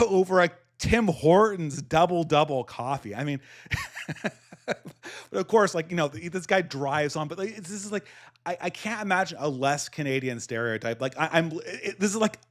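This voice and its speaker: Brief: Californian-accented male podcast host, slight lisp, higher-pitched voice, rambling anecdotal chat. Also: lively intonation, normal speed, fairly bright tone. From United States. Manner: rambling storytelling with many restarts and frequent laughs. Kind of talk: casual chat.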